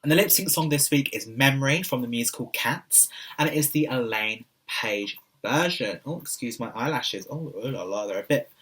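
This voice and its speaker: A man's voice: mid-range voice, a bit bright, distant mic. Cheeky camp British drag queen vlogger. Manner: camp, cheeky, sassy, addresses people directly. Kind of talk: casual TV recap vlog.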